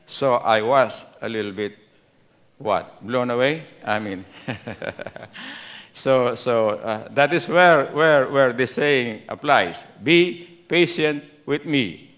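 A middle-aged male pastor with a Filipino Kapampangan accent, preaching a sermon, repeating key phrases slowly and asking the congregation for responses. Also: mid-range voice, a bit bright.

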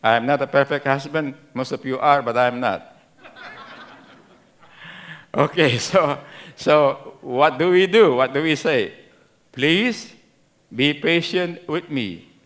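A middle-aged male pastor with a Filipino Kapampangan accent, preaching a sermon, repeating key phrases slowly and asking the congregation for responses. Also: mid-range voice, a bit bright.

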